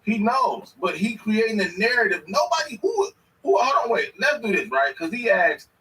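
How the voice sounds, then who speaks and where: A man's voice: sits high, big pitch swings, normal speed, bright, forceful tone, distant mic, poor audio. Heated man ranting from off-mic. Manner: heated, repetitive, confrontational. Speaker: commentator reacting to a clip. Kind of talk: ranting commentary.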